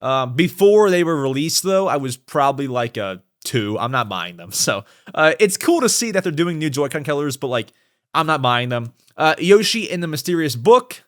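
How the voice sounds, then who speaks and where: A young man hosting a podcast in casual chat, animated, swinging between loud outbursts and low mutters. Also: moderate pace. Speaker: podcast host.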